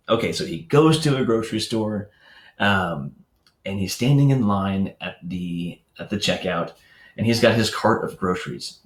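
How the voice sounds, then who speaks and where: Lowish-voiced man teaching in an echoey room. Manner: conversational, storytelling with filler words and asides. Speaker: educator hosting a morning enrichment show. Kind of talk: casual teaching talk to parents.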